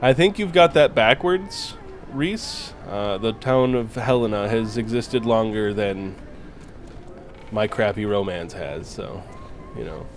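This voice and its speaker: A man's voice: on the low side, measured pace, rough recording. Joking male streamer over game music. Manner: joking, teasing, swears freely. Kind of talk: casual live-stream chat.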